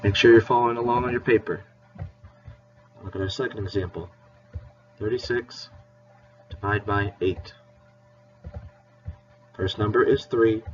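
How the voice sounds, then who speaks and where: Far from the mic, a man with a voice on the low side teaches children math unhurriedly, with long pauses and fairly even intonation. He's playful and encouraging and spells words out. The recording is dull and lo-fi with faint hiss.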